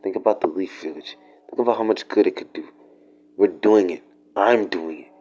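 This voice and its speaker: A man voicing a scheming old male elder who presses his case in a low, insistent way, in a fan-made story. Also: moderate pace, darkish tone, lo-fi sound. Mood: persuasive.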